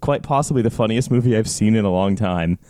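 A man's voice: fairly low pitch, fast talker, dark tone, no echo, studio quality. A man co-hosting a podcast, joking around with frequent laughs and stumbling restarts. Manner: giggly, jokey, stumbling restarts. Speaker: podcast co-host. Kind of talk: casual chat.

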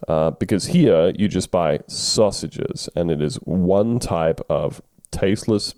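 A man's voice: low-pitched, slow, dark tone, no room sound, clean studio sound. A man with an Australian accent, co-hosting a podcast in a laid-back, rambling, sweary way. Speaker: podcast co-host. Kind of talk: casual chat.

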